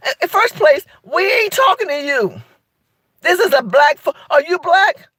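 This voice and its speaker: A woman's voice: high-pitched, fairly bright tone, no room sound. A woman hosting a live video, talking straight to her viewers in a sassy, emphatic way. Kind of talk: animated live-stream commentary.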